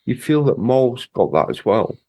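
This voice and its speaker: A man's voice: mid-range voice, very animated, moderate pace, mellow. A man co-hosting a podcast, chatting casually and thinking aloud with hesitant phrasing. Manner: thoughtful, hesitant, builds ideas aloud. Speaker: podcast co-host. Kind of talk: casual chat.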